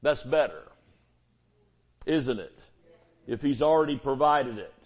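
A man's voice: medium pitch, lively intonation, a little slow, breathy edge. A man preaching a sermon as pastor, folksy and conversational, with homespun illustrations.

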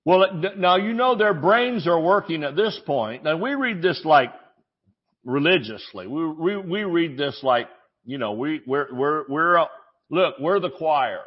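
A man preaching a sermon as pastor, conversational and joking, with frequent restarts, reading scripture slowly between asides. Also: fairly high pitch, lively intonation, breathy edge, dull audio.

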